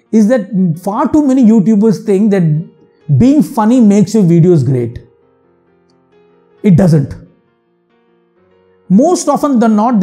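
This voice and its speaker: A man's voice: high-pitched, mellow. A man from India with an Indian English accent, giving frank, earnest advice to other channel makers in a monologue. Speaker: YouTube channel host.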